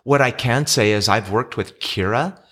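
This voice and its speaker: A man's voice: medium pitch, moderate pace, a bit bright, husky. A middle-aged man co-hosting a casual podcast, patiently explaining investing with frequent restarts.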